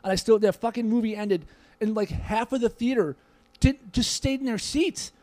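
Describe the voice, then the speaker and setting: A man in his forties, a podcast guest, telling stories in an animated, profane, casual way. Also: extremely high pitch, moderate pace, no room sound.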